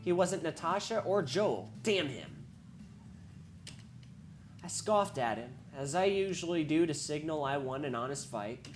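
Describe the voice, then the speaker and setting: A woman reading a visual novel aloud, wry, with asides and quick self-corrections. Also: low voice, expressive, soft background music. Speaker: game reader.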